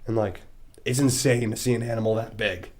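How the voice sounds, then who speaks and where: A man's voice: fairly low pitch, steady tone, fairly quick. Young New man, co-host, laughing storyteller in a casual chat among friends. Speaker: podcast co-host.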